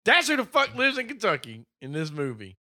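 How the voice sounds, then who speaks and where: A man's voice: high-pitched, huge pitch swings, fairly quick, sharp tone. A man chatting casually about a movie, rambling, profane and laughing often. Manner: profane, rambling, laughs often, quotes characters in put-on voices.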